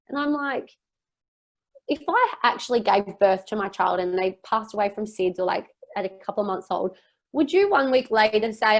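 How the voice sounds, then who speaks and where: A woman's voice: medium pitch, moderate pace. A young woman talking as a podcast guest, telling a personal story openly and emotionally, rambling with many fillers.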